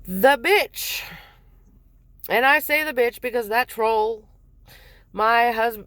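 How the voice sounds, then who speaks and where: A woman with a somewhat high voice tells a personal family story in a loose, rambling way. She swears freely and talks casually as a mother. The sound is dry and close, with no room echo. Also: a little slow, a bit bright, clean tone.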